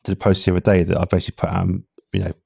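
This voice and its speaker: Deep, gravelly British man, candid. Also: flat delivery, racing, a little mellow, no echo, studio quality. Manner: candid, conversational, frequent restarts. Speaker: podcast guest, talent acquisition head. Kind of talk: casual interview chat.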